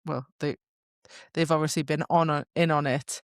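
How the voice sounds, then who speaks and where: A woman's voice: low-pitched, fairly even intonation, moderate pace, dry recording, studio quality. A woman co-hosting a casual book-club podcast, recapping the plot in a chatty way with quotes from the characters. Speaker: podcast co-host.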